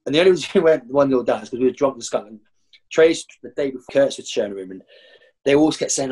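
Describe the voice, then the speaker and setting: A man, a former professional footballer, telling rowdy stories as a guest and jumping high in pitch when he acts out other people. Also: rapid-fire, husky. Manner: animated, jumps high when acting out others. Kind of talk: anecdotal storytelling.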